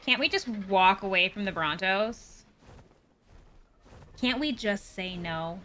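A young woman playing a video game and commenting on it, chatty and animated, jumping between high squeals and low mutters and cooing at the creatures on screen. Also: takes it slowly, slight background noise. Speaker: gaming streamer. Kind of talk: let's play commentary.

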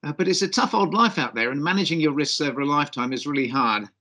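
A man's voice: a little high, fast, bright, forceful tone. A middle-aged man with a faint Australian twang, giving a cheeky, jokey conference keynote as a doctor over a video call. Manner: cheeky, jokey, self-deprecating.

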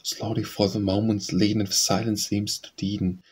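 A man reads poetry aloud for an audiobook with a low, slightly husky voice. He keeps his delivery even and unvaried, moving through the verses at a steady, measured pace. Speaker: audiobook reader. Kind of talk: poetry recitation.

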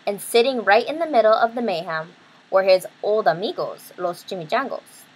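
A woman's voice: mid-range voice, normal speed, slightly rough, low-quality recording. A woman reading a picture book aloud, chatty, stopping to explain the story in her own words. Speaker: reader.

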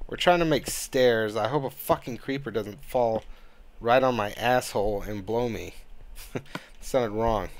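A man of middle pitch talks over his own gameplay in casual let's-play commentary. He sounds annoyed and rambles, and he swears freely as he goes. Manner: frustrated, rambling, swears a lot. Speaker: gaming channel host.

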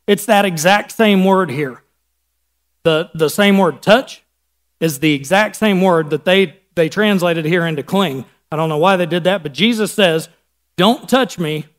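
Pastor, male, Midwestern American accent, high voice, chatty sermon delivery that slips into voices for the Bible scenes. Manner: conversational, acts out Bible scenes in casual voices.

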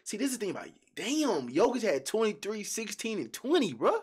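A man with a somewhat high-pitched voice hosts a casual reaction video. He is excitable and slangy, breaking into swears and calling out to his viewers as he comments on the game. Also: brisk, breathy edge. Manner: excitable, blurts and swears freely; slangy, talks straight to viewers.

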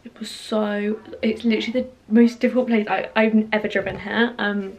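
A young woman vlogging in a casual, excitable way, chatting to a handheld camera and full of "like" and "literally". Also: a little high, moderate pace. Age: young adult. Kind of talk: casual vlog chat to camera. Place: on the move, outdoors and in student rooms. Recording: noisy handheld vlog audio.

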